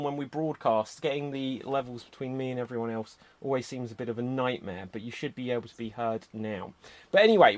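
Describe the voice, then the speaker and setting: A man hosting a live online improv comedy show, giving brisk, upbeat instructions over a video call. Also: mid-range voice. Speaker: host.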